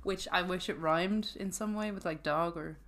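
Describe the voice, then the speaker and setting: A woman co-hosting a podcast, chatting casually and jokily about a reality show episode, full of slang and quick to laugh. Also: fairly low pitch, a bit bright. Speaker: podcast co-host. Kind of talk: casual recap chat.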